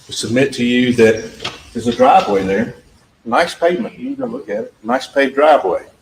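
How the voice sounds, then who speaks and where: A man's voice: medium pitch, lively intonation, normal speed, gravelly. Emphatic man addressing a jury. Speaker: trial attorney. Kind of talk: closing argument to a jury. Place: courtroom. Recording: echoey courtroom audio with faint background noise.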